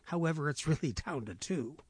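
A booming lion king, as a man puts him on. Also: lively intonation, brisk, husky, dry recording. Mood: commanding. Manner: booming, commanding. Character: proud, imperious male lion king.

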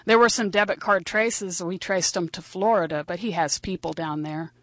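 A woman voicing a worn-out middle-aged woman who meets an old love, speaking quietly and numbly. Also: on the low side, moderate pace, no room sound, close to an everyday voice. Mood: weary.

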